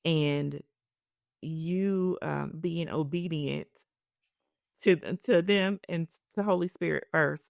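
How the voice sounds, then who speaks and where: A woman's voice: sits low, gravelly, dry recording, clean studio sound. A woman hosting a podcast, speaking in an emotional, encouraging, almost preacherly way. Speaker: podcast host. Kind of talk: heartfelt podcast conversation.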